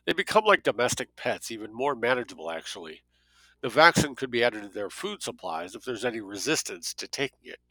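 A man narrating a novel in a steady, plain storytelling voice. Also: mid-range voice, a little fast, creaky, no echo, rough recording. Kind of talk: audiobook narration.

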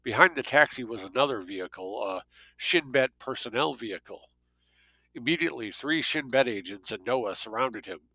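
A man narrating a novel in a steady, plain storytelling voice. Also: mid-range voice, normal speed, gravelly, dry recording, low-quality recording. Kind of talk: audiobook narration.

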